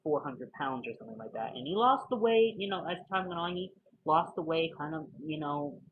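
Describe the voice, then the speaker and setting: A man's voice: a little high, animated, fairly quick, slight background noise. Rambling man reviewing a film, lo-fi. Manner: rambling, heavy use of fillers and restarts. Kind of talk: casual spoken video review.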